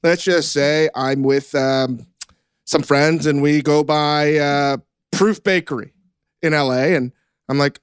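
High-voiced man chatting, self-mocking. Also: steady tone, slow, clear, resonant tone, no echo, clean studio sound. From United States. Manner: rambling, self-mocking, swears casually. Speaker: podcast host. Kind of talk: casual chat.

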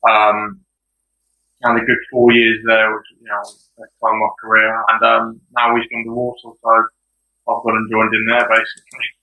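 A man from England, a guest footballer, talking hesitantly with many pauses and ums. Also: lowish voice, completely flat delivery, roomy sound, recorded from a distance, narrow, tinny audio. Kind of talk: casual interview talk.

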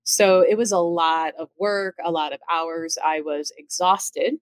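A middle-aged woman with a fairly low voice talks through a spooky tale from her own house. She sounds chatty and animated and slips into the voices of the people she quotes. The recording is close and dry, with no room sound around her. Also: unhurried, dry recording. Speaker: storyteller recounting ghost encounters. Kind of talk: casual storytelling.

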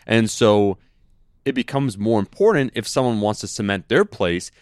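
A man's voice: lowish voice, normal speed, no room sound, studio quality. A man in casual chat, talking in long rambling runs full of fillers and restarts.

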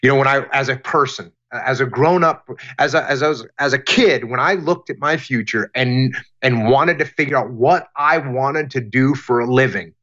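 A man answering interview questions about leadership in a deliberate, emphatic way, often repeating phrases for emphasis. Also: mid-range voice, fairly bright tone, muffled recording. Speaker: guest, former military leader.

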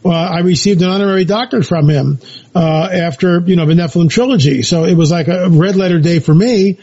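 Speaking high-pitched and fairly quick, this man has a warm, slightly rough tone. As an author and researcher being interviewed, he recounts his story with emphasis, repeating phrases and using many fillers, and the lo-fi recording sounds dull.

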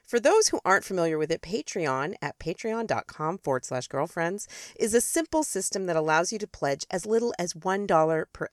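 A woman's voice: on the low side, no room sound. A woman hosting a podcast, talking in a friendly, affirming, conversational way. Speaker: podcast host. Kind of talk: casual faith podcast chat.

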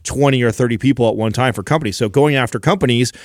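A man co-hosting a podcast, pitching ideas and trading playful banter in casual chat. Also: fast talker, no room sound, studio quality.

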